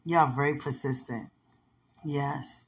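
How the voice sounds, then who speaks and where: Husky-voiced woman chatting affectionately. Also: rumbling low, steady tone, measured pace. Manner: rambling, affectionate, loose storytelling. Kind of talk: casual affectionate chat.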